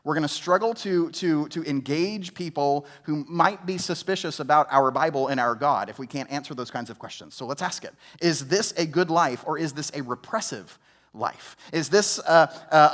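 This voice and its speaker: A man's voice: fairly high pitch, a bit bright. A young adult male pastor preaching a conversational sermon, with rhetorical questions and frequent restarts. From Georgia, US.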